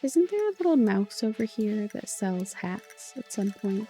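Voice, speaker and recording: A woman giving soft, playful, unhurried commentary while playing a relaxing game. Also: medium pitch, sing-song. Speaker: gaming channel host. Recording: game music underneath.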